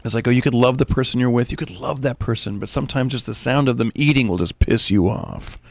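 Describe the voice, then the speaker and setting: A man who is a stand-up comedian, telling stories in a rapid, animated way in casual chat. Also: mid-range voice, creaky, dry recording. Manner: rapid, animated storytelling with voices.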